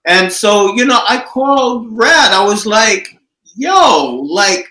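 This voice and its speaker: A man on a casual podcast, slowly telling a story about a phone call. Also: high-pitched, animated, bright, forceful tone. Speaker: podcast co-host. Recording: echoey room.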